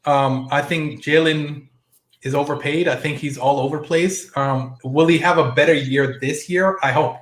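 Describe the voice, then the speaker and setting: A man appearing as a guest on a relaxed sports podcast, talking in a chatty way and often checking for agreement. His voice sits a little high for a man, and it comes through an echoey room on a remote call. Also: normal speed. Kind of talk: casual sports chat.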